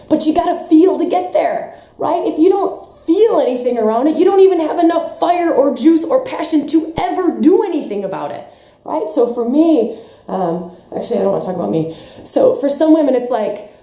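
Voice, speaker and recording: A woman's voice: high voice, animated, a little fast, mellow, reverberant. A woman teaching a spiritual workshop, talking intensely and emphatically with a stuffy nose, sometimes mocking others in put-on voices. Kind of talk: impassioned teaching talk.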